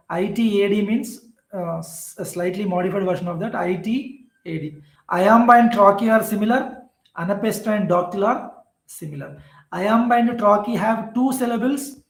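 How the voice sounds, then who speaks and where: A man's voice: high voice, creaky, roomy sound, poor audio. A man teaching an exam-prep literature lecture, explaining patiently and repetitively with frequent "uh" fillers. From southern India.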